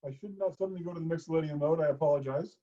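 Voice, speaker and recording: A man leading a choir through vocal warm-ups, coaching in a calm, encouraging way. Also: fairly high pitch, rapid-fire, dull audio. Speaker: choir director.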